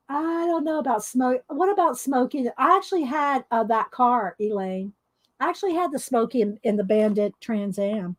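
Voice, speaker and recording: A woman's voice: high voice, lively intonation, normal speed, no room sound. A middle-aged woman, telling rambling stories and laughing often while she colors on camera. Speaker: coloring video host. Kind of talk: casual storytelling while coloring.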